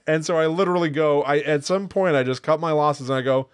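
A man's voice: fairly high pitch, quick pace, hardly any pauses, smooth, no echo, clean studio sound. A man co-hosting a podcast, telling anecdotes in casual chat and livening up when he quotes others. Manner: storytelling, animated when quoting. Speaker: podcast co-host.

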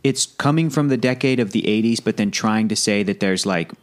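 A man hosting a casual movie podcast, talking freely and pausing to search for words. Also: lowish voice. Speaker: podcast host.

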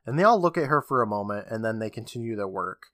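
A man's voice: fairly low pitch, animated, fast talker, a bit bright, no echo, clean studio sound. A man co-hosting a casual podcast, recapping episodes with a chatty manner, acting out quotes and laughing often.

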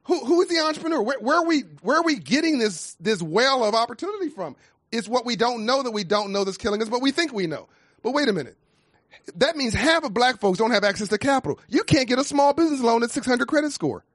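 Man, high-pitched, impassioned panel speaker with a rousing, repetitive cadence, very dry close sound. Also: expressive, quick pace, fairly bright tone, no room sound. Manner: emphatic, preacher-like cadence with repeated phrases. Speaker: nonprofit founder speaking on a panel.

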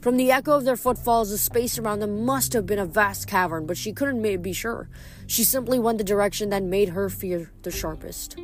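A woman reading a novel aloud as a hobby reader, with expressive, dramatic narration. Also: medium pitch, normal speed, faint music behind. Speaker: audiobook reader.

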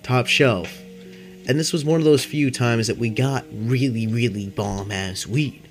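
A man's voice: medium pitch, normal speed, darkish tone. A stoned young man hosting a podcast, rambling loosely through a casual story, swearing often. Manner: rambling and laid-back, heavy swearing. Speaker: podcast host. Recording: clear music playing behind. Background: guitar music.

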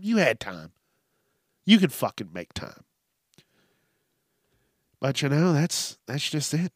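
A man's voice: mid-range voice, big pitch swings, takes it slowly, pauses often, dry recording, studio quality. A man hosting a solo podcast, joking and cursing often as he talks through listener questions. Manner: profane, joking, laughs often. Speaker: podcast host.

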